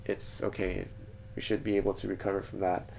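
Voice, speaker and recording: A man's voice: low voice, little pitch movement, a little fast, vocal fry, a little mellow. A man talking to camera in a casual, rambling vlog from a small home studio, thinking aloud and wandering off topic. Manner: digressive, thinks aloud with frequent restarts. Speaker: vlogger.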